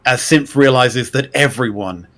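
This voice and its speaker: A man's voice: medium pitch, measured pace. Man narrating as game master. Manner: relaxed, descriptive narration with rules asides.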